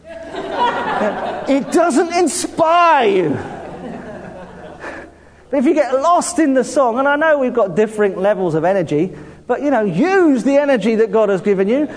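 A man with a southern English accent preaching a sermon to a congregation in a church hall. He talks in a lively way, laughs often and calls out to the room for responses. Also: very high voice, fast, hardly any pauses. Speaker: pastor. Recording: long reverb of a church hall.

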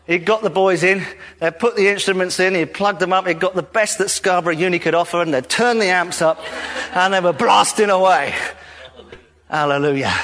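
A male preacher giving a jokey, animated sermon in a church hall. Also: on the high side. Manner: animated, jokey, laughs often. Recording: reverberant hall.

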